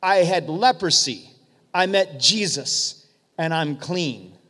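A man's voice: fairly high pitch, animated, slow pace, fairly bright tone, exaggerated voice. A man voicing a healed male leper who keeps repeating the same simple testimony. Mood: earnest. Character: healed male leper telling his story. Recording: long hall reverb.

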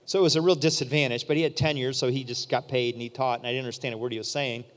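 A man preaching a storytelling sermon, animated and acting out the voices of people in his story. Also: medium pitch, racing. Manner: animated, acts out quoted voices. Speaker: pastor. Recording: long hall reverb.

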